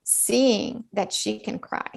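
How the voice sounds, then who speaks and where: Gravelly-voiced woman speaking candidly. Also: medium pitch, steady tone, slow pace, darkish tone. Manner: earnest, repeats words as she talks. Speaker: dentist guest. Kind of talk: candid podcast conversation.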